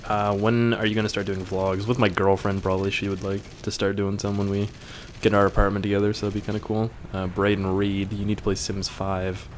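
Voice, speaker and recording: A man's voice: on the low side, monotone, a little fast, hardly any pauses, slight background noise. A young man reading viewer questions aloud and answering them in a casual, joking way, swearing now and then.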